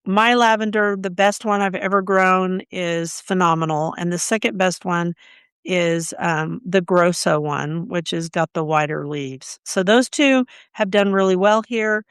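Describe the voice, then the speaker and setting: A woman's voice: on the low side, a little slow, clean tone, no room sound, clean studio sound. A woman co-hosting a gardening podcast, chatting casually and telling stories with frequent laughs. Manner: chatty, storytelling, laughs often. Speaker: podcast co-host.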